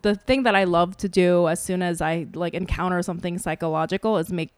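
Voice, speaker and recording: A woman's voice: fairly low pitch, fairly even intonation, a little fast, clear, resonant tone, dry recording. A young woman in casual chat, candid and self-mocking, laughing often and using many fillers.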